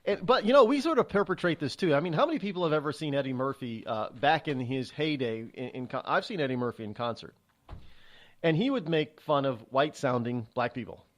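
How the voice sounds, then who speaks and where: With a voice that's a little high and a pace a little fast, a middle-aged talk show host on radio runs through a sarcastic, opinionated monologue. He plays out others' voices in an animated way.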